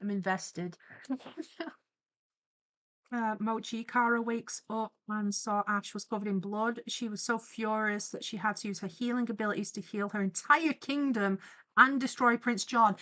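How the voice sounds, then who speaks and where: Excitable woman streamer reading chat. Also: mid-range voice, normal speed. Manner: excitable, reacts loudly to viewer stories; reads viewer comments aloud and comments on them. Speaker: streamer and animator. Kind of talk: live-stream chat while animating.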